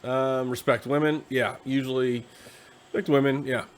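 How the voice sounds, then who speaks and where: A tired man hosting a casual, rambling explanation of a tabletop game class, slipping into quick acted asides. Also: medium pitch, fairly even intonation, slight background noise. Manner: conversational, acts out quick quoted asides. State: tired, yawning.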